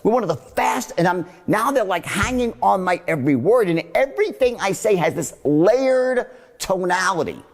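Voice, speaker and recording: A man teaches a sales seminar in a swinging, fairly high voice, blunt and a little profane as he demonstrates different tones. His talk rings out with a long, hall-like reverb. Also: big pitch swings, moderate pace. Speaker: sales trainer.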